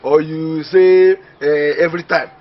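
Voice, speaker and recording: An actor playing an excitable, boastful young village man who talks in Nigerian Pidgin English. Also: fairly high pitch, a little slow, lightly acted. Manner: boastful, excitable, laughing often. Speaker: villager dreaming of going to the city. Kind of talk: comedy film acting. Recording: muffled film audio with faint hiss.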